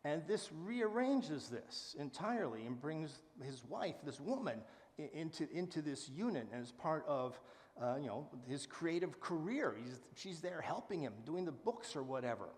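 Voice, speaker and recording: A man giving a public talk and answering audience questions, speaking with lively enthusiasm and frequent fillers. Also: fairly high pitch, moderate pace, big-room sound. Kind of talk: public lecture and Q&A. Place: lecture hall with live audience.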